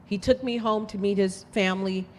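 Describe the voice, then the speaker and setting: A woman's voice: mid-range voice, fairly even intonation, a little fast, a little hiss or hum. A woman political candidate giving an impassioned, emphatic campaign speech, telling her story. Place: event hall. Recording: long hall reverb.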